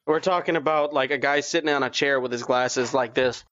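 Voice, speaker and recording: A man co-hosting a podcast in casual chat, making quick teasing jokes. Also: medium pitch, highs cut off, a crowd in the background. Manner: joking, teasing quips. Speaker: podcast co-host.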